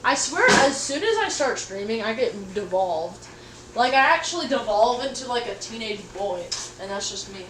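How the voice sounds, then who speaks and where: Young female streamer, goofy and rambling, cooking at home, higher voice. Echoey room, mic at a distance, noisy background. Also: very animated, normal speed. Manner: goofy, rambling, swears casually, talks to chat. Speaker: livestreamer. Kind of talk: casual livestream chat while cooking. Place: home kitchen.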